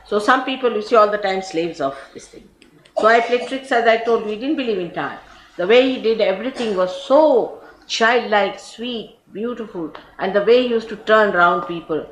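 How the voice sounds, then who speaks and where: A woman with an Indian English accent gives an informal spiritual talk at a normal pace in a medium-pitched voice. A spiritual teacher, she tells stories full of chatty asides and laughter, captured in a roomy archive recording with faint hiss.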